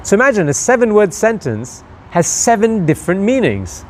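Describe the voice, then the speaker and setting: A man's voice: sits high, sing-song, normal speed, a little mellow, slight background noise. A man giving a motivational talk, conversational and full of rhetorical questions to the listener. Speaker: motivational speaker.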